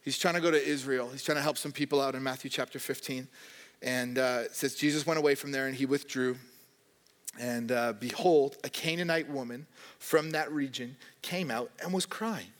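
A man's voice: mid-range voice, steady tone, moderate pace, long reverb tail. A young man preaching a sermon in a conversational, joking way, acting out quoted voices. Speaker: pastor.

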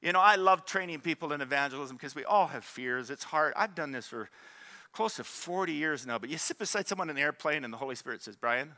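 A man, preaching a sermon in an animated, joking storytelling way and drawing in the congregation. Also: a little high, quick pace. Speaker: pastor.

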